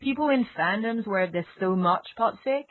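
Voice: medium pitch, expressive, normal speed, dry recording. A non-native English speaker in a casual podcast chat, talking hesitantly with lots of fillers and restarts. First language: not English. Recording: dry tinny phone-like audio.

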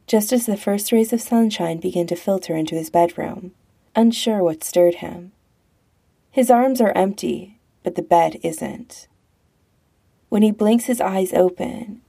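A woman narrating a romance story as an audiobook in a calm, measured way. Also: lowish voice, vocal fry, slightly rough.

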